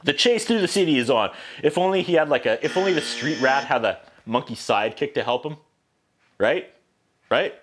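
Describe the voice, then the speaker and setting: A man's voice: a little high, normal speed. A man recapping a movie as a reviewer, with a sarcastic, joking manner. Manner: sarcastic, animated, puts on voices for quotes.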